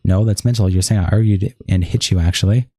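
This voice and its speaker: A man streaming, reading a long text-message exchange aloud in a rapid, flat read-through. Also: low voice, slightly rough, no echo, faint music behind.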